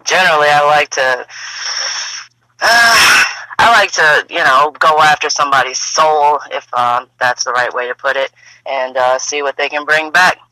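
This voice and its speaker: A woman chatting casually as a podcast guest, laid-back and quick to laugh, swearing freely. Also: low-pitched, bright, forceful tone, no echo, poor audio. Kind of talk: casual chat.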